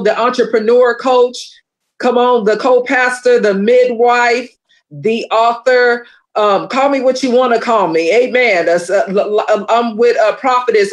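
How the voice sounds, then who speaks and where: Woman entrepreneur coach, halting delivery, lots of fillers, church phrasing. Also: mid-range voice. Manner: halting, with filler sounds and laughs. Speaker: business coach. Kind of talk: introducing herself on a ministry talk show.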